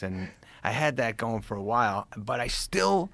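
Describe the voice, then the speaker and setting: A middle-aged man, a comedian and actor guest on a podcast, telling animated, swear-heavy stories and acting out quotes in casual conversation. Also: medium pitch, normal speed, gravelly.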